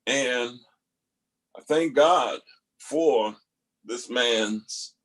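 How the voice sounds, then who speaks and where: Slow, husky man reflecting earnestly. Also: mid-range voice, fairly bright tone. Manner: slow, emphatic, repeats key phrases. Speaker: host reacting to video clips. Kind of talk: reflective spoken commentary.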